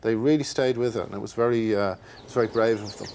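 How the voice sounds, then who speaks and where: Amused man recalling a pitch. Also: steady tone, fast, creaky, darkish tone. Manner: amused, anecdotal. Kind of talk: documentary interview.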